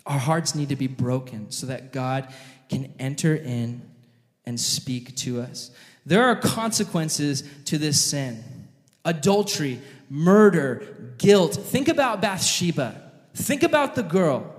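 A man preaching an animated, jokey sermon, addressing his audience directly as he tells a story. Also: on the high side, takes it slowly. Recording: long hall reverb.

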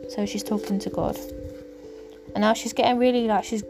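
A woman speaks in a loose, rambling podcast monologue about her faith, often pausing with fillers as she gathers her thoughts. Her voice sits at an ordinary middle pitch. Music plays clearly underneath throughout. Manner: rambling, hesitant with many ums. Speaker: podcast host.

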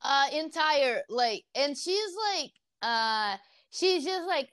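High-voiced woman, animated and laughing. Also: slow pace. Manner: animated storytelling, laughing often, acting out quotes. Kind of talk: casual chat.

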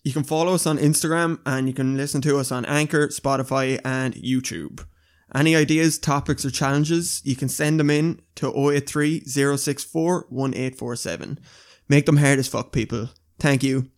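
A man, co-hosting a podcast and telling animated, swear-laden stories in casual chat. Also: mid-range voice, normal speed, no echo, studio quality. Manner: animated storyteller, swears a lot. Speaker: podcast co-host.

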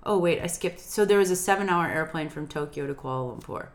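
A young woman co-hosting a podcast, telling a travel story in an animated, chatty way with bursts of laughter. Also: sits low, brisk, crowd noise. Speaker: podcast co-host. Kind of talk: casual chat, storytelling.

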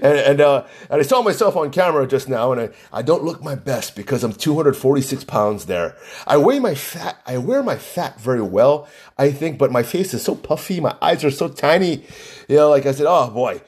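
A man hosts his own podcast alone, chatting loosely with plenty of "uh" and false starts. His pitch sits in an ordinary middle range, and the talk wanders from one point to the next. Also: a little mellow. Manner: rambling, chatty, frequent fillers and restarts. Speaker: podcast host. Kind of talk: casual solo podcast talk. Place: Hawaii.

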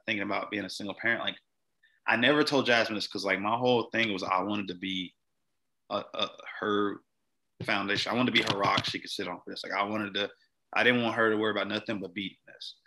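A man's voice: on the low side, fairly even intonation, a little fast, sharp tone, rough recording. A young man, a podcast guest, telling a personal story in a casual, rambling, earnest way, with a lot of "like". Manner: rambling, heavy use of "like", earnest.

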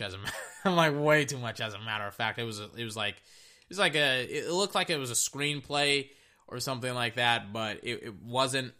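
Dude rambling thru a football game live, keeps correcting himself, punchy bright voice. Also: male voice, mid-range voice. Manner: rambling, excitable, self-correcting, swears casually. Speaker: sports commentator. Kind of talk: casual play-by-play commentary while watching a game.

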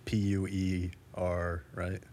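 A man's voice: deep voice, completely flat delivery, takes it slowly, mellow, a little hiss or hum. A man from the Midwest co-hosting a podcast, chatting casually, laughing often and correcting himself as he goes. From American Midwest. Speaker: podcast co-host. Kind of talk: casual chat.

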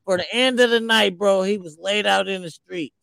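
A man's voice: high-pitched, normal speed, gravelly, pushed and bright, no echo. A man on a casual podcast, teasing his co-host and cutting in with playful comments.

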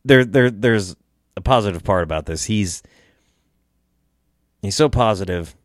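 The podcast host has a lowish voice and talks a little slowly, telling a casual story in a rambling way, chuckling, cursing, and restarting as he goes. The sound is studio quality with no echo.

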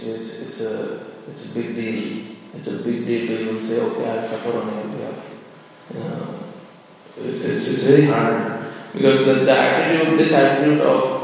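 A man's voice: mid-range voice, vocal fry, a little mellow, slight background noise. A man giving an earnest, reflective devotional scripture class, telling stories to make his point. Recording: echoey hall, distant mic.

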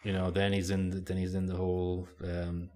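A man's voice: deep voice, completely flat delivery, normal speed, darkish tone. A man co-hosting a podcast, chatting casually about a movie and rambling with lots of fillers and restarts. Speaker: podcast co-host. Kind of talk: casual movie review chat.

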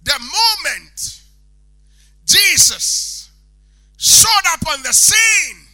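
A male preacher giving a sermon, chanting lines in sing-song and shouting at the peaks, acting out the people he quotes. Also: extremely high pitch, very animated, very slow. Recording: faint music behind the voice.

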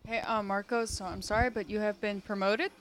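A man putting on an impression of a young man who is apologetically firing his podcast cohost, speaking softly and a little higher than his own voice. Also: steady tone, fairly quick. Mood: mock-solemn.

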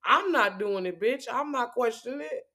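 A woman's voice: a little high, expressive, normal speed, bright, forceful tone. A woman giving a profane, confrontational spoken rant as a spiritual vlogger, cursing heavily and repeating herself.

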